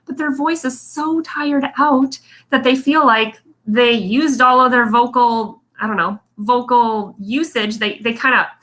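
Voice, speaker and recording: A woman's voice: on the high side, a little slow, fairly bright tone. A young adult woman vocal coach giving a casual livestream lesson, chatty and encouraging.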